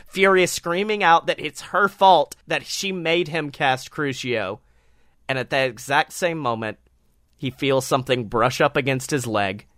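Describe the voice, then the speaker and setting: A man co-hosting a comedy podcast, retelling a story in a rambling, animated way, full of fillers and swearing. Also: fairly high pitch, no echo, clean studio sound. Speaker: podcast co-host.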